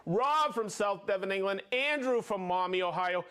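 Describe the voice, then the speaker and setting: Lively high-voiced male stream host. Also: clean tone. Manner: upbeat, reads off viewer names with quick asides. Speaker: livestream host. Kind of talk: live stream greetings.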